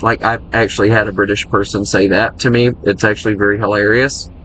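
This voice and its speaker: A chatty American man talks through a flight sim in loose gameplay commentary. His voice is bright and forceful, with a faint hum of noise behind it. He rambles and jokes as he plays. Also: lowish voice, flat delivery, brisk. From United States. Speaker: gaming streamer.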